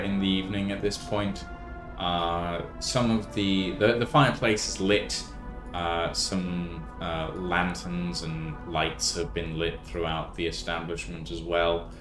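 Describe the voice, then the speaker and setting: Slow, low man narrating as game master, hesitant delivery, echoey room. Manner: hesitant, full of fillers. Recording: echoey room with music behind.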